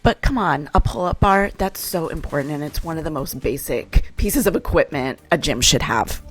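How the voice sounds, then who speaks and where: Lowish-voiced woman vlogger, frank and chatty, music going underneath. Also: lively intonation, normal speed. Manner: chatty, frank, complains with humor. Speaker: vlog host. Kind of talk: casual travel vlog narration.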